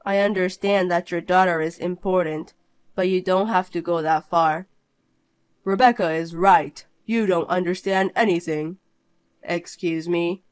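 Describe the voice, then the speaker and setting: A woman voicing a stern middle-aged father in an animated story, scolding firmly and evenly. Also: on the low side, clear, resonant tone, close to an everyday voice. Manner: firm, measured scolding.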